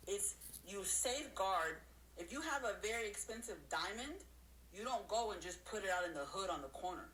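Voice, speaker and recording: A woman giving a casual motivational talk to her audience, counting off her points and acting out other people's voices in high squeals. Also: animated, a little fast, sharp tone, a little hiss or hum, rough recording. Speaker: motivational speaker.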